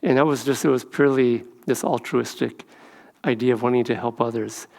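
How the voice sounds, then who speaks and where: A man giving a gentle, rambling spiritual talk as a monastic speaker, telling stories with many fillers. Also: medium pitch, steady tone, brisk, creaky, big-room sound. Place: temple hall.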